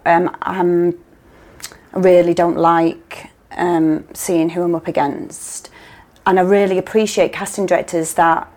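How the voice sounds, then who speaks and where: Animated woman telling stories. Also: lowish voice, measured pace. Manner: animated storyteller, restarts and acts out her inner voice. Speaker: actor, podcast guest. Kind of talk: casual interview chat.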